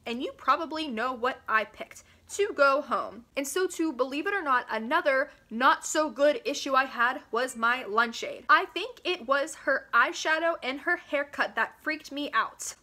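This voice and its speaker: A young woman with a high, sharp, bright voice chats casually to camera, giggling and teasing herself as she reads out old school papers. Her delivery is playful and self-mocking, with a sarcastic edge. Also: lively intonation, normal speed, hardly any pauses. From Pennsylvania, US. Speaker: vlogger. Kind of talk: casual vlog chat, reading old school papers aloud.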